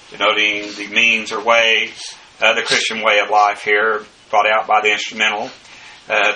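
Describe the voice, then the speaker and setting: A man's voice: on the low side, bright, forceful tone, far from the mic, a little hiss or hum, poor audio. A man teaching a verse-by-verse Greek Bible lesson, methodical and full of "uh" fillers, spelling out Greek words letter by letter. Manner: frequent "uh" fillers and restarts. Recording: voice set back from the mic, faint ambience.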